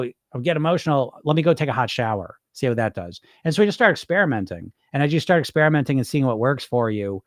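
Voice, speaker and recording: A man's voice: medium pitch, no room sound, studio quality. A man hosting a weight loss podcast, answering viewer questions in loose, rambling chat with casual swearing. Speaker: weight loss hypnosis coach, podcast host.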